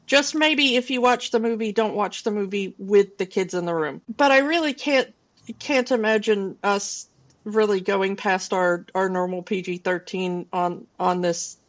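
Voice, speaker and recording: A woman in her forties co-hosts a casual film podcast, rambling loosely with lots of fillers and restarts. Her medium-pitched voice is unhurried, and the audio sounds dull.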